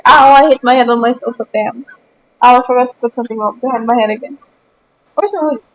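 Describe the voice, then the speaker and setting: High-voiced young woman chatting on stream. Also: fairly quick, long pauses, poor audio. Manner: chatty, answers chat aloud, playfully defensive. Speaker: gaming streamer. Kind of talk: casual live-stream chat. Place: home, sitting on a sofa.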